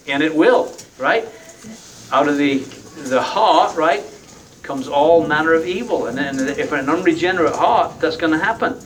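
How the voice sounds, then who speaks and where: A man's voice: a little high, animated, moderate pace, a bit bright, distant mic, poor audio. A man preaching a sermon in a conversational, folksy way, often tagging his points with rhetorical questions.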